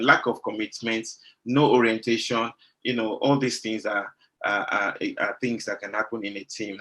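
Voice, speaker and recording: A man's voice: mid-range voice, fairly bright tone. A middle-aged man from Nigeria, a doctor presenting to pharmacists, earnest and often repeating words while searching for the next phrase. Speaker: doctor giving a talk to pharmacists. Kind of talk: professional presentation.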